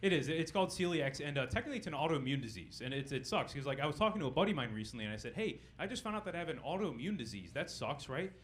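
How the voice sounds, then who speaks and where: A young man doing stand-up on a club stage, talking quickly with a lively, bouncing delivery. He drops deadpan punchlines into a handheld mic and chats with the crowd, while a faint hiss sits under the recording. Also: on the high side. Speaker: stand-up comedian. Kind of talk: stand-up comedy set. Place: comedy club stage with audience.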